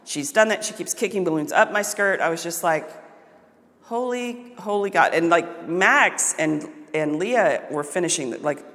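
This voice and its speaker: A woman who acts on stage tells a casual anecdote with animated delivery, acting out voices and sound effects. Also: on the low side, moderate pace, hardly any pauses. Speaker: theater actor. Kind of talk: casual storytelling. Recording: long reverb.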